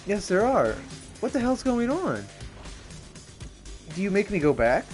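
A young man giving casual, profane live commentary on a racing game, excitable and often laughing. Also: high voice, unhurried, faint music behind. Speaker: streamer.

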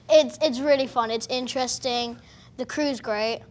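A cast member chatting casually at a festival junket, laughing often and telling stories with energy. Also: female voice, high-pitched. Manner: giggly, animated storytelling. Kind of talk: casual press junket chat.

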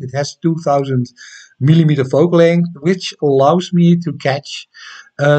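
A man's voice: fairly high pitch, a little mellow. A man with a Dutch accent hosting an astronomy livestream, chatting casually and reading viewer comments with many hesitant ums and restarts. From Netherlands.

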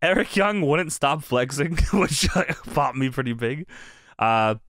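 Bright, lively man recapping with laughter. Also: medium pitch, no room sound, studio quality. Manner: laughs often, drawn-out retelling with fillers. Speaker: podcast co-host recapping wrestling. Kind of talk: casual comedic recap chat.

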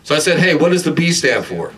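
A man, a singer-songwriter, rambling through comic stories between songs, full of "like" and "uh" and shouting out quoted lines. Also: fairly high pitch, sing-song, quick pace. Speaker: singer-songwriter performing a home concert. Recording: distant mic under loud guitar.

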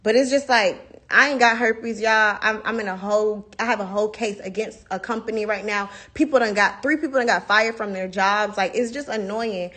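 A woman's voice: mid-range voice, moderate pace, hardly any pauses, a bit bright. A young woman ranting bluntly and profanely into her phone on a livestream. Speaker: livestream host. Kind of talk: heated casual livestream rant.

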